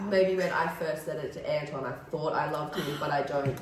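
A woman's voice: low-pitched, normal speed, a loud crowd. A woman co-hosting a casual podcast, giggly and frank, a bit sick and coughing. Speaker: podcast co-host. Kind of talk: casual chat. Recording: echoey room with loud noise.

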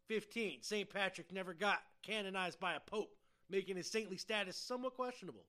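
A man's voice: high voice, a little fast, few pauses, bright, forceful tone. A man co-hosting a casual podcast, reading out trivia, joking and swearing casually. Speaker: podcast co-host.

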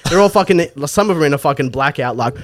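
A young man telling a long story in casual podcast chat, animated and rambling with heavy swearing. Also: fairly high pitch, rapid-fire. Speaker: comedian.

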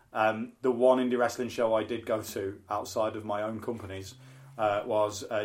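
A man hosting a podcast, telling chatty, funny anecdotes and acting out the people he quotes. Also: on the low side. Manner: chatty anecdotes, acts out quoted voices, frequent "um". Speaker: podcast host, wrestling promoter and announcer. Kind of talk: casual podcast storytelling.

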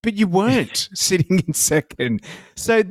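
A man's voice: sits high, very animated, a little slow, dry recording. A man co-hosting a sports podcast, chatting casually, swearing freely and laughing as he rambles through his points. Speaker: podcast co-host.

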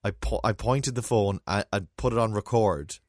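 A man's voice: fairly low pitch, normal speed, no echo, studio quality. A middle-aged man co-hosting a casual chat, wry and chatty, trailing off into fillers. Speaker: podcast co-host.

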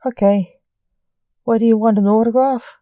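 A woman's voice: fairly high pitch, steady tone, normal speed, warm tone, no room sound, lo-fi sound, natural voice. A woman reading the part of a famous male stage illusionist, defensive and nervous.

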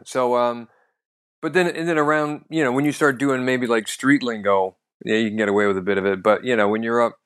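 A man co-hosting a casual podcast chat, telling stories in a rambling way with restarts, throat-clearing and lots of "you know". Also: medium pitch. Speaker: podcast co-host, comedian.

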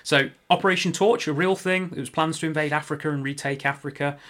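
A man's voice: a little high, fast talker, fairly bright tone. A man hosting a casual history podcast, talking loosely with joking asides and frequent self-corrections. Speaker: podcast host.

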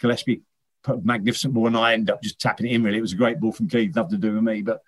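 A man's voice: fairly low pitch, fairly even intonation, very fast. A middle-aged man, a former footballer, chatting as an interview guest, telling rambling anecdotes with many restarts. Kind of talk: casual interview chat.

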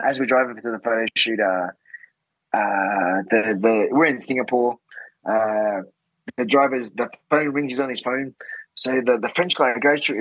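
A man's voice: mid-range voice, a bit bright, slightly rough, no room sound, rough recording. An Australian man, a podcast guest, telling stories in a rambling, casual way full of fillers and restarts. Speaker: guest, fighter. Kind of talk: casual storytelling.

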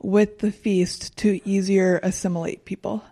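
Calm, mellow-voiced young woman. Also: medium pitch, measured pace, no echo. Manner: calm, matter-of-fact, dry humor. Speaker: podcast co-host presenting research. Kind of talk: casual chat, reading facts.

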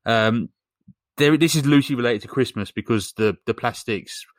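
A man's voice: mid-range voice, moderate pace, no echo. A man co-hosting a podcast, casually retelling a film plot in a rambling, jokey way with lots of ums. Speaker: podcast co-host.

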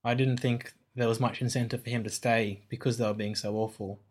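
An easygoing man chats about a movie in a relaxed back-and-forth. His voice is at an ordinary pitch. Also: fairly quick. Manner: easygoing, conversational. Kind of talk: casual film review chat.

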